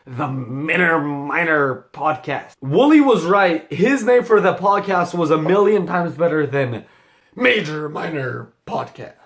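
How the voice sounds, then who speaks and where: A man's voice: a little high, measured pace, a bit bright. A young man delivering sarcastic, profanity-laden commentary on online drama, slipping into mocking impressions. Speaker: commentary YouTuber.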